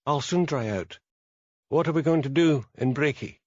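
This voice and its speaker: A man's voice: a little high, normal speed, darkish tone, no room sound, highs cut off, pitched above the performer's own voice, lightly acted. A man voicing a meek young policewoman. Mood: plaintive. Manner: meek, plaintive. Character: timid young woman police constable.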